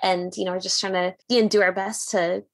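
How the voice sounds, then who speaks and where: A woman co-hosting a podcast, earnest and a bit halting as she talks. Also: mid-range voice, level tone, creaky. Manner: earnest, hesitant restarts. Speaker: podcast co-host. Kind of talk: casual podcast chat.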